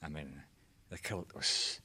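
A man's voice: rumbling low, slow pace, breathy edge. An older man with a Scottish accent, a former teacher on a discussion panel, recalling his past in a hesitant, restarting way. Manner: hesitant, restarts phrases, animated. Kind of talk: reflective conversational storytelling.

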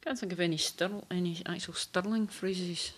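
A woman teacher with a Highland Scottish accent, talking matter-of-factly in a group chat. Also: fairly even intonation, normal speed, slightly rough.

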